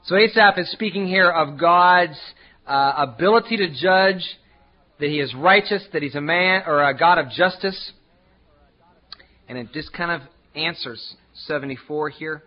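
Male pastor, fairly high voice, emphatic sermon delivery with loud-to-hushed swings, dull lo-fi recording. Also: unhurried.

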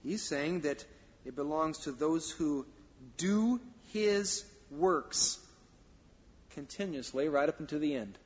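A male pastor preaching a sermon, emphatic, swinging from quiet asides to loud declarations. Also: on the high side, expressive, takes it slowly. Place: church sanctuary. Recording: dull sound with long hall reverb.

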